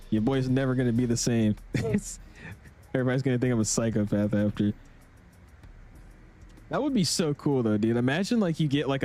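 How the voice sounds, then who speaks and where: A young man streaming a flight simulator, chatting casually in an excitable, rambling way full of slang. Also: mid-range voice. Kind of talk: casual livestream chat.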